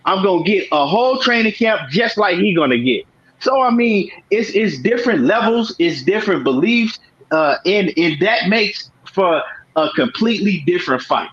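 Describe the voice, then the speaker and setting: A man with a high, husky voice talks boxing in an emphatic, casual way, often checking in with "right?". The sound is dull and lo-fi. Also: big pitch swings, moderate pace, a bit bright. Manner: emphatic, keeps asking "right?". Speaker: boxing show host.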